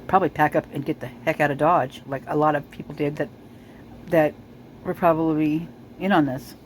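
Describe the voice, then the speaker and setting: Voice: mid-range voice, fairly even intonation, normal speed, slight background noise, rough recording. A person casually talking over news footage as a video commentator, rambling with many fillers and restarts and sounding suspicious and speculative.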